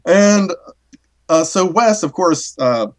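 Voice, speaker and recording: A man in casual conversation, recapping a story with many pauses, fillers and restarts. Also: sits high, expressive. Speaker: podcast co-host discussing a story. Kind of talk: casual chat.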